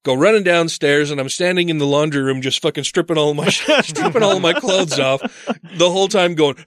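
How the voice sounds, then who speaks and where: A man telling a story in casual chat, animated and profane, acting out his own panicked voice in a home studio. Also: fairly high pitch, moderate pace, dry recording.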